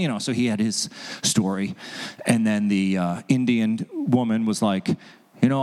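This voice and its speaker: A man telling a comic story on stage as host, acting out quoted people with sudden jumps in pitch. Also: fairly quick, darkish tone. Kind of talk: stand-up storytelling. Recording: long hall reverb.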